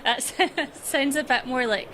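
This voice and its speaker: A woman's voice: high voice, a little slow, fairly bright tone, a little hiss or hum. A woman with a Glaswegian Scottish accent, a radio producer chatting casually and laughing easily. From Scotland.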